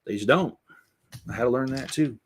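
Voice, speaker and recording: At medium pitch and a fairly quick clip, the middle-aged host of a Lego channel talks casually while building. His candid chatter rambles, with many restarts and asides.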